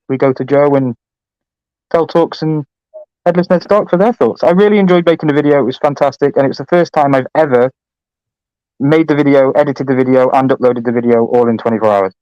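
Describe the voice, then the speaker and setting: Casting note: male guest, clear smooth voice, dry and muffled computer call line. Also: mid-range voice, fairly even intonation, fast, no echo. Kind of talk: casual chat. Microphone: computer mic on a call.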